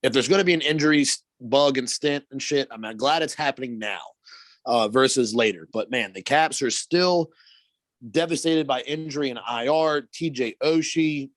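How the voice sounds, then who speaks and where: A man's voice: mid-range voice, moderate pace, no room sound. A man co-hosting a podcast, chatting casually in a laid-back, rambling way with some swearing. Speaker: podcast co-host. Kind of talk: casual chat.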